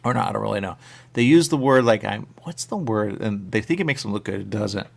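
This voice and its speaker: Animated gravelly radio host, rambling. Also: male voice, on the low side, fairly quick. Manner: repetitive, animated, catchphrase-heavy. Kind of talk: rambling casual chat. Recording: radio studio mic.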